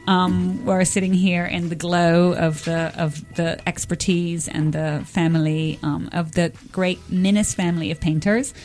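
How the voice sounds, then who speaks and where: Chatty woman radio host. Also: mid-range voice. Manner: chatty, jokey, with fillers and laughs. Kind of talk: casual studio interview. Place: radio studio.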